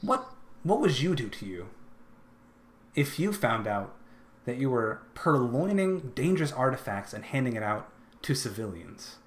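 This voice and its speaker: Man playing stern inquisitor, gruff, clipped, slightly low, tabletop game. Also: very animated, a little slow. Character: stern, exasperated male inquisitor.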